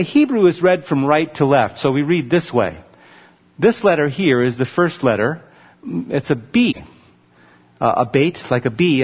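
A man's voice: fairly high pitch, breathy edge. A man preaching a sermon, teaching in an emphatic way and pointing things out on a screen with a laser pointer. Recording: muffled recording with long hall reverb.

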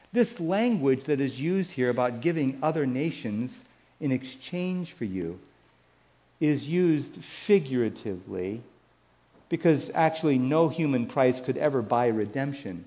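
Slow, soft-ending male preacher. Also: fairly high pitch. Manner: slow, measured, drops soft on key words. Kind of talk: sermon.

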